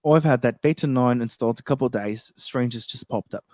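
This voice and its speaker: A man's voice: mid-range voice, fast, no room sound. Man, jokey livestream host, dry close sound, mid voice. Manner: excitable, laughing, jokey. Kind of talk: casual tech chat.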